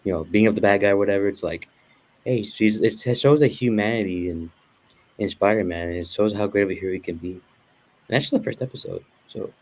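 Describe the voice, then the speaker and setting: A man's voice: fairly low pitch, brisk, darkish tone. A man talking casually as a guest, rambling with lots of fillers and restarts. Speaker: guest reviewing a show. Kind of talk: casual conversation.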